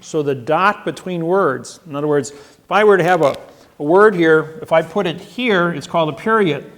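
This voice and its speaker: A man giving a seminar lecture, telling courtroom stories and acting out the exchanges with a raised voice, self-assured with halting restarts. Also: fairly high pitch. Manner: storytelling, acts out quoted exchanges with raised voice.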